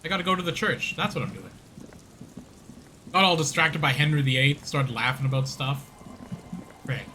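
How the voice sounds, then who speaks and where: A man's voice: a little high, moderate pace, long pauses, bright, forceful tone, slight background noise. A man streaming a game, rambling casually, laughing and mocking himself. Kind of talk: casual gameplay commentary.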